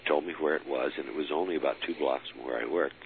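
A man with a very deep, gravelly voice recounts a personal story for an interviewer. He talks haltingly, with fillers and restarts and the odd chuckle. The recording is thin and phone-like, with a light hiss.

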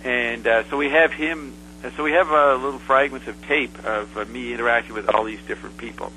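A man being interviewed, recounting a past event in a halting, rambling way full of fillers and restarts. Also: mid-range voice, fairly even intonation, pushed and bright, slight background noise, low-quality recording. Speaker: interview guest. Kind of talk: casual storytelling.

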